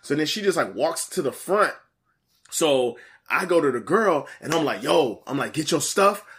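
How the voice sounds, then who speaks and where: A man's voice: on the high side, normal speed, husky. Slangy man telling a wild story. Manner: animated, slangy, acts out quotes in a raised voice. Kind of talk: casual chat, telling a story.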